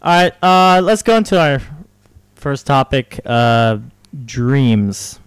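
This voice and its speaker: A man's voice: medium pitch, expressive, slow pace, smooth, no room sound. A young man hosting a casual podcast chat with friends, sick and coughing, laughing loosely as he leads the topics. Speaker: podcast host. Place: room shared with several friends.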